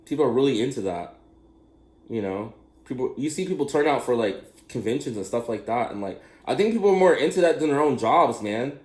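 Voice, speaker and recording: Fast-talking animated man in an echoey room. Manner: animated, laughs often, mimics high questioning voices. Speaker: speaker telling a personal story. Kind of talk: casual rambling monologue.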